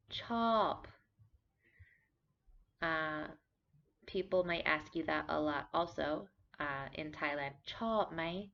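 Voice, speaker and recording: A woman teaching a vocabulary lesson, saying each word slowly and carefully and repeating it for practice. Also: low-pitched. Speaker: language teacher. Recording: dull lo-fi sound.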